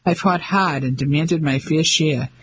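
A man's voice: fairly high pitch, fairly bright tone, slightly rough, heavily acted, low-quality recording. A man voicing a frank, witty English woman in an audiobook. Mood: spirited. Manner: brisk, spirited, dry.

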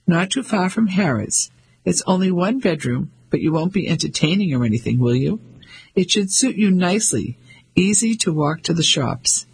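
Putting on a very husky, gravelly voice with a slightly raised pitch, a man heavily acts out a blustering, condescending, self-important banker of 55. The recording quality is low.

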